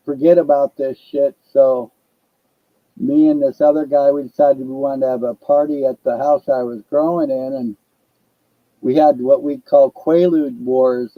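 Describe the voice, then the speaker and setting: A man's voice: mid-range voice, no echo, phone-quality sound. An older man telling a long casual story, profane and rambling. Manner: profane, rambling, laid-back.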